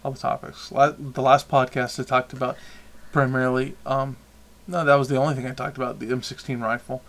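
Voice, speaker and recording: A man's voice: mid-range voice, level tone, brisk, a bit bright. A man hosting a podcast, chatting casually and rambling through opinions with frequent restarts. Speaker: podcast host. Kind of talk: casual chat.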